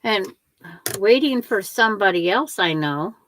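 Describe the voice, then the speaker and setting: A woman's voice: medium pitch, lively intonation, a little slow, fairly bright tone, slight background noise. An older woman hosting a quilting livestream, chatting with viewers and talking herself through each step as she sews. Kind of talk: casual chat while sewing.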